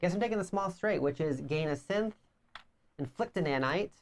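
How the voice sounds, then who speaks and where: A woman with a deep, low voice chatting through a board game match. She teases her opponent and thinks each move through out loud in a relaxed, casual way. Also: moderate pace. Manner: teasing, thinks her moves through aloud. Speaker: board game player and co-host.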